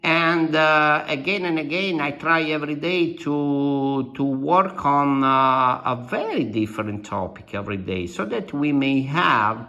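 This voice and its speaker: Slow-talking Italian-accented man teaching. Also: on the high side, pushed and bright, dull audio. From Italy. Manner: slow and deliberate, with many fillers and restatements. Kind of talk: slow language lesson.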